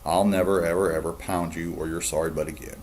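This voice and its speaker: A man voicing a boorish teenage bully who talks in a gruff, mocking way. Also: low voice, steady tone, fast talker, slight background noise, natural voice. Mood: greedy.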